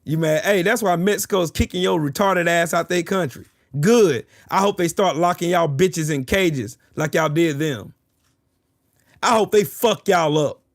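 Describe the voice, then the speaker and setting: A man's voice: fairly high pitch, dry recording. A man with a slightly raised voice, heckling an opponent on a stream. He taunts, mocks and brags, with lots of profanity and the same jabs said again and again. His voice sounds dry and close, with no room around it. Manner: profane, boastful. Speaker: streamer arguing with chat. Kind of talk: livestream trash talk.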